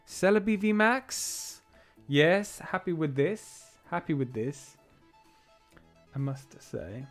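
A man chatting casually on a live stream as he opens card packs, excitable and quick to laugh, sometimes trailing off into quiet asides. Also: a little high, soft background music. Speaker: streamer opening trading card boxes.

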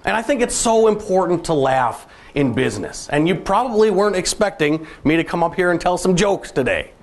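A middle-aged man giving a motivational keynote speech, telling stories and landing jokes with comic timing. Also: fairly high pitch. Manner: animated, comic storytelling with punchlines. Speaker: keynote speaker.

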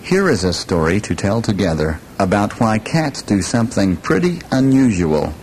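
A man reading a children's story aloud, slow and lilting, inviting listeners to join in on the repeated parts. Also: on the low side, big pitch swings, darkish tone, slight background noise, poor audio.

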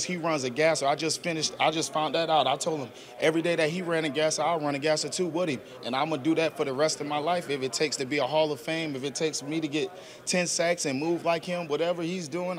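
A man's voice: fairly high pitch, fairly even intonation, fairly quick. A young man, a football player answering press questions in an earnest, casual, slangy way. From South Georgia, US. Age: 20s.

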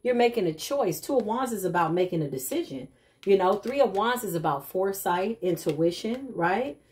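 A woman's voice: medium pitch, expressive, normal speed, a little mellow. Chatty woman giving a tarot reading. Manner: chatty, emphatic, slangy asides. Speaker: tarot reader. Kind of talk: casual tarot reading to camera.

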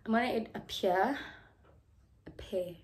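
A woman's voice: fairly high pitch, unhurried. A young South African woman vlogging casually on her phone, chatty and laughing, slipping Zulu words into her English. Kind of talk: casual chat. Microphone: phone held by hand.

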